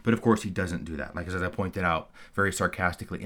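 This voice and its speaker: A man with a slightly low voice gives a theology lecture. He talks in an earnest, explanatory way, reading passages aloud and stopping to comment. He speaks with plenty of "uh"s and small restarts. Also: fast talker, fairly bright tone. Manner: frequent fillers and restarts. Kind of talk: recorded course lecture.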